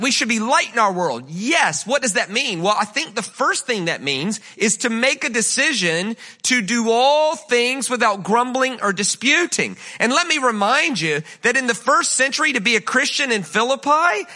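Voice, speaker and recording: A man preaching a sermon as a guest speaker in a church, energetic and conversational, with lots of rhetorical questions to the congregation. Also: sits high. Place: church sanctuary.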